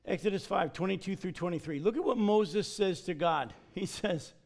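A man preaching a sermon, emphatic and animated, often acting out the people he quotes. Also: sits high, moderate pace, vocal fry. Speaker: pastor.

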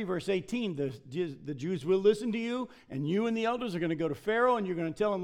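A man preaching a sermon, emphatic and animated, often acting out the people he quotes. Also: sits high. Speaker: pastor.

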